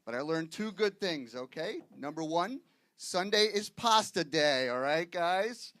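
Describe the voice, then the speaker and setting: Performing stand-up as a guest at a live comedy show with an audience, a man from Boston speaks at a measured pace in an animated, fairly bright voice on the high side. He wisecracks with punchy timing and keeps checking in with the crowd through frequent "okay, guys?" asides.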